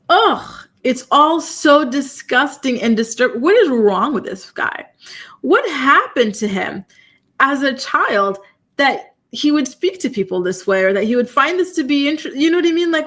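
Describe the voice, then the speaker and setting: A woman's voice: high-pitched, normal speed. Incredulous woman chatting on a live stream. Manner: incredulous, animated, reacts to chat; says "you know" and "y'all" often. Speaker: commentary channel host. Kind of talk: casual live-stream commentary.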